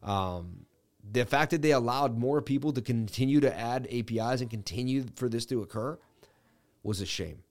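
A man hosts a crypto trading livestream in a casual, unscripted way. His voice sits at an ordinary middle pitch, and he talks haltingly, full of fillers and restarts. He reads news items aloud and breaks in with his own asides. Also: a little mellow.

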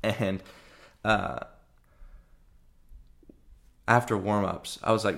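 Young man, podcast host, casual storytelling, low voice, gravelly fry, chatty with fillers. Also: extremely slow. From Arkansas. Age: young adult. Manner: chatty, frequent fillers and restarts, animated retelling.

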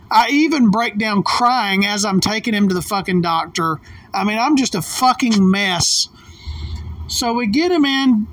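A woman's voice: mid-range voice, fairly bright tone, no echo, far from the mic. A woman telling a story in a casual, emphatic way, swearing often and getting worked up. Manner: profane, emphatic, heated. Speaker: vlogger.

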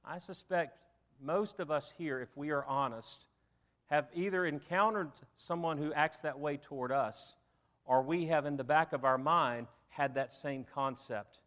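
A man from the Southern United States preaches a sermon to his congregation in a noticeably high, slightly bright voice, speaking a little slowly. Like a pastor, he blends folksy humor into dramatic storytelling.

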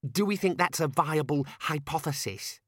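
Guy doing a polite careful young wizard, a bit higher, earnest. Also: lively intonation, moderate pace, no room sound, studio quality.

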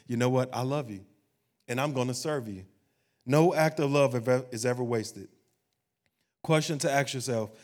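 A man pastor preaching a sermon, building to emphatic, rising peaks and asking the congregation questions. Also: mid-range voice.

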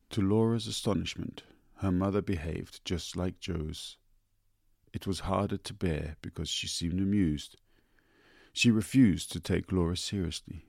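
Low, husky male storyteller, gravelly, measured audiobook read. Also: a little mellow, no room sound, studio quality. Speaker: narrator. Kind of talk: audiobook narration.

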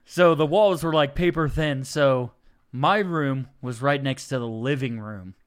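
A man's voice: medium pitch, unhurried, smooth. A man as a podcast guest telling stories in a rowdy, profane, casual way. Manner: rowdy, profane, laughs often. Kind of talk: casual chat, storytelling.

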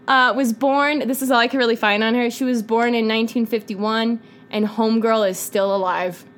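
A woman's voice: a little high, steady tone, moderate pace, a little hiss or hum. A young woman hosting a casual true-crime podcast, joking, swearing and laughing between facts. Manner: laughing, swearing, jokey asides. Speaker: podcast host.

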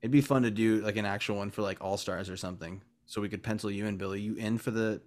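A man's voice: fairly low pitch, steady tone, fast talker, darkish tone. A man hosting a podcast in casual chat, rambling with lots of "like" and upbeat enthusiasm. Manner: rambling, filler-heavy, enthusiastic. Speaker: podcast host.

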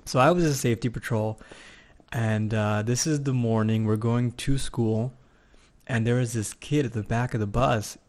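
A man's voice: medium pitch, moderate pace. A young man chatting casually, telling a childhood story and acting out the voices of the people in it. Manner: animated storyteller, acts out voices. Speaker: podcast guest.

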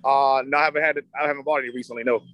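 A man fires off quick, playful replies in a casual chat, often hesitating before he answers. His voice sits mid-range and sounds dry and close. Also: mid-range voice, steady tone, dry recording, lo-fi sound. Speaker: panelist. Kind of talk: casual banter.

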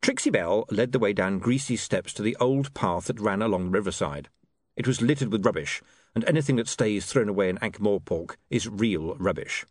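A male narrator reads a comic fantasy audiobook in a dry, wry manner. His pitch moves with lively, animated contours. The recording is close and dead, with no room sound. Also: normal speed, no room sound. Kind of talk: scripted narration.

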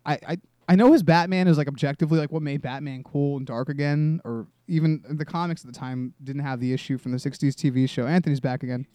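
A man's voice: on the high side, steady tone, fast, warm tone, no echo. A man in his twenties hosting a solo comedy podcast, rambling and self-deprecating, swearing often and restarting his sentences. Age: 20s. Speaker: podcast host.

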